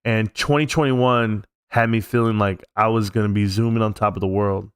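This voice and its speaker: A man's voice: fairly low pitch, steady tone, moderate pace, clear, resonant tone, no room sound, clean studio sound. A man hosting a casual live stream from home, talking in a rambling, heartfelt, reflective way. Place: at home, alone.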